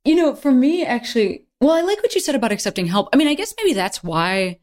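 A woman hosting a podcast, talking in a soft-spoken, hesitant way with many fillers. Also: high-pitched, sing-song, fast talker. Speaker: podcast host. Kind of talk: casual conversation.

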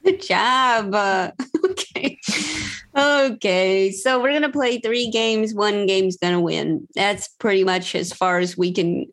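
A woman hosting a comedy podcast game show, chatting with callers in a playful, quick, giggly way. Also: medium pitch, a bit bright. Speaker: podcast host. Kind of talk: casual comedic chat.

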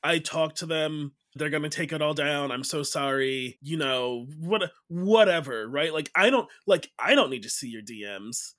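A man co-hosting a podcast in casual chat, reacting quickly, swearing and restarting his sentences. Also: a little high, expressive, fairly bright tone. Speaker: podcast co-host.

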